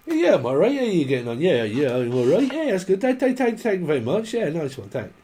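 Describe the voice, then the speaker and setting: A Cornish local man greets a friend in the street, full of cheery, repetitive small talk. A man puts the voice on, pitched well above his own and projected loudly. The accent is broad. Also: huge pitch swings, quick pace.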